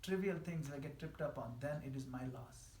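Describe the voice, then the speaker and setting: A man giving a scripture class in a temple hall, animated and emphatic, laughing at his own examples. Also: medium pitch, fairly quick, slight background noise. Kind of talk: scripture class lecture answering questions. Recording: echoey hall with faint ambience.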